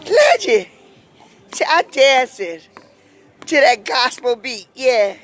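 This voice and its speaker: Older woman, grandma, very high voice, slow unhurried delivery, playful coaching. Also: very animated. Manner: playful cheering and coaching, teasing scolds. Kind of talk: casual family play.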